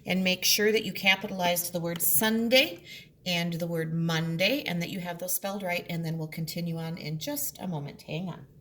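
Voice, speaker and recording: A woman's voice: lowish voice, moderate pace, bright, forceful tone, slight background noise. A woman teaching a remote classroom lesson from home, explaining patiently step by step.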